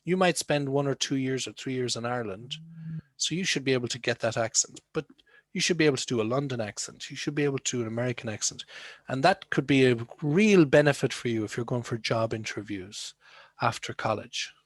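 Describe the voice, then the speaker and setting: A man's voice: medium pitch, fairly quick, no echo. A man teaching English to students on a video call, asking questions and repeating key words to coax answers. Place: online class.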